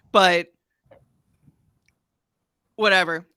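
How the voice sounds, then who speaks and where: A woman's voice: fairly low pitch, fairly even intonation, extremely slow, bright, forceful tone, no room sound, clean studio sound. A woman co-hosting a podcast livestream, telling a story in a chatty way and laughing often. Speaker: podcast co-host and dog groomer. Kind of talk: casual livestream chat.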